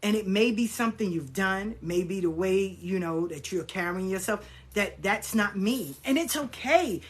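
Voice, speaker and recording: A middle-aged woman hosting her own channel, talking casually and bluntly to viewers, animated and swearing freely. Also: mid-range voice, normal speed. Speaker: spiritual practitioner, channel host. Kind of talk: casual spoken reflection to viewers.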